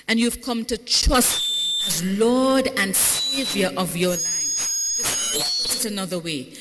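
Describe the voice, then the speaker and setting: A woman pastor from Saint Vincent and the Grenadines preaches a sermon in a large church sanctuary, calling out to the congregation in call-and-response style and rising into fervent, sung phrases. Her voice is mid-range, and the echoey church hall recording has a noisy background.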